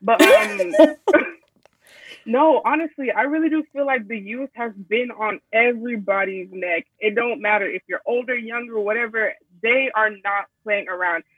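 A man's voice: high voice, normal speed, no room sound. A man in a casual discussion, emphatic and slangy, calling in over a phone line. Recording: tinny phone line, distant.

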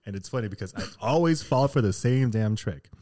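A man in casual podcast chat, telling an animated story about his childhood. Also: lowish voice, brisk.

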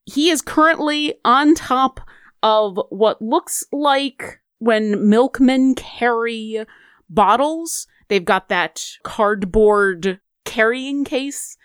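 A woman game master narrating a tabletop game in a lively, descriptive, conversational way. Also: a little high, extremely slow, clear, resonant tone, no room sound, clean studio sound.

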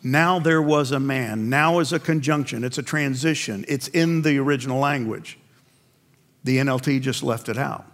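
A man's voice: mid-range voice, fairly even intonation, moderate pace. A man preaching a sermon. He keeps asking the congregation questions and answering them himself, and he acts out the voices in the story. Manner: acts out biblical voices in quotes. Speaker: pastor.

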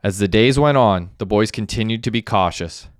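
A man narrating an audiobook in a steady, even reading. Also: on the low side, normal speed, no room sound, studio quality. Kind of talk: scripted narration.

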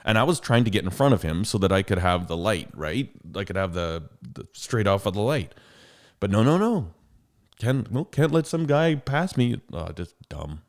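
A man's voice: lowish voice, moderate pace. A man telling driving stories in casual chat, acting out rants at other drivers. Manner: animated storytelling, acts out rants at other drivers.

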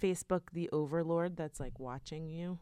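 A woman's voice: deep voice, normal speed, smooth, no echo. A woman co-hosting a casual chat, telling stories with quoted asides, swearing and laughing. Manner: laughing, swearing, animated storytelling with acted quotes. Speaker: podcast co-host.

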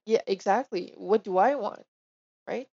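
A woman's voice: medium pitch, measured pace, warm tone, breathy edge, lo-fi sound. A woman with a French accent, a medium speaking as an interview guest in casual, thoughtful chat.

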